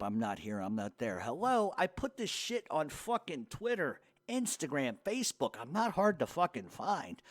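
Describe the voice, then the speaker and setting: A man's voice: fairly high pitch, dry recording. A man hosting a radio show, reading hate mail aloud and firing back with profane, mocking insults.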